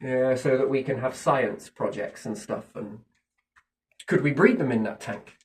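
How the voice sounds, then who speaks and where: A man with a mid-range, slightly slow voice delivers a casual, rambling monologue, recorded distant from the mic. He is animated, profane and speculative, swearing freely and asking himself questions that he then answers.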